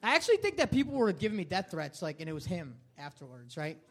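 A man co-hosting a live podcast in a comedy club, excitable and swearing a lot, with sudden loud outbursts. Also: sits high, fast. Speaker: podcast co-host.

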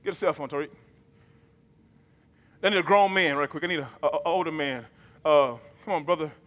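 A man's voice: a little high, fairly quick, fairly bright tone. A man preaching a sermon as pastor, calling on the congregation to repeat his lines back in an emphatic, rhythmic manner. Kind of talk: sermon with call and response. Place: church sanctuary. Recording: long reverb of a large hall.

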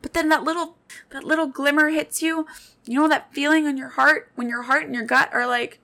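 With a high-pitched, pushed and bright voice, this woman talks briskly in a steady tone with some vocal fry. She's a podcast host in her late twenties, sharing personal stories in an earnest, heartfelt monologue that speaks straight to her listeners.

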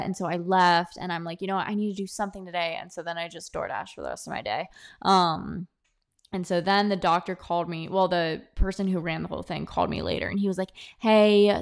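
Chatty young woman telling a story. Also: fairly low pitch. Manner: chatty, animated, quotes others in dialogue. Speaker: podcast host. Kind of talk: casual storytelling monologue. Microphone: own podcast mic, close.

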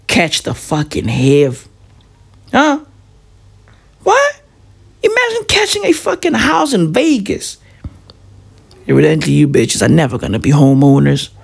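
A man in his thirties riffs through a profane comic monologue, taking his time and stretching his words out. His voice is gravelly and climbs and falls widely, and he keeps tossing in "right?" and "bruv". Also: on the high side. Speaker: comedian vlogger.

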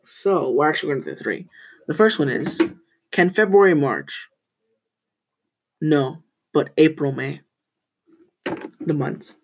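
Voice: mid-range voice, rough recording. A teenage student hosting a casual school podcast, rambling, often correcting themselves and telling corny jokes.

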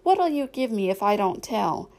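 A woman's voice: mid-range voice, very animated, normal speed, a little mellow. A woman reading aloud, voicing an impish, demanding little girl in a sing-song childish voice. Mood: bratty.

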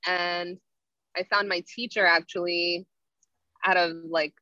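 A woman's voice: on the low side, level tone, slow pace, pushed and bright, no room sound. A young woman, a yoga teacher telling stories in a casual interview, full of "like" fillers. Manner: chatty, frequent "like" fillers. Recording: dull lo-fi sound.

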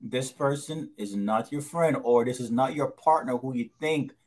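A man co-hosting a casual podcast chat, speaking in a measured way with frequent fillers and "okay"s. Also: mid-range voice, darkish tone. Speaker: co-host.

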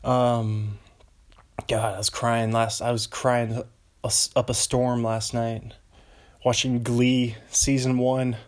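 A young man from Western Washington talks on his own in a rambling, casual way, drifting into tangents and giggly asides. His mid-range voice stays fairly flat in pitch, and he speaks slowly.

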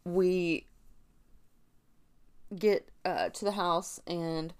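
A young woman with a lowish voice tells a personal story off the cuff. She is blunt and swears freely, rambling with plenty of fillers and restarts. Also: fairly even intonation, extremely slow, clean tone, dry recording.

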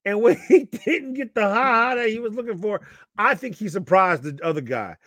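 High-voiced guy on a podcast, storytelling and laughing a lot, dry close sound. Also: moderate pace, no echo. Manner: animated storyteller, laughs often, acts out quotes. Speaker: podcast co-host. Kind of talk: casual chat, storytelling.

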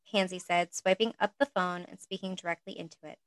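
A woman's voice: on the low side, steady tone, fairly quick, hardly any pauses, dry recording, low-quality recording. A woman reading a story aloud in a casual way, breaking off now and then for chatty asides of her own. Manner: reads narration with chatty asides and laughs. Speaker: reader.

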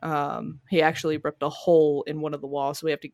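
A woman co-hosting a podcast, telling a long story in casual chat, swearing freely and loudly acting out the people she quotes. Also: sits low, flat delivery, quick pace, no room sound, studio quality. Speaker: podcast co-host. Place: home garage studio.

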